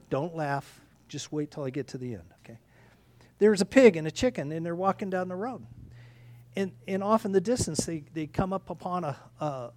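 A man preaching a sermon in a conversational way, halting with restarts and repeating key phrases. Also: a little high. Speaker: pastor.

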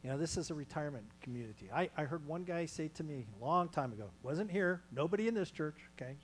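A male pastor preaching a sermon in a small church, moving between loud calls and hushed near-whispers. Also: a little high, lively intonation, quick pace, slight background noise, low-quality recording.

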